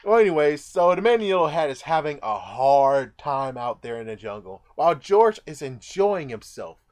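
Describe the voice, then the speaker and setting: A man's voice: on the high side, big pitch swings, normal speed, a little mellow. A man casually recapping a movie in a rambling way, now and then acting out the characters' lines. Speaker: movie reviewer.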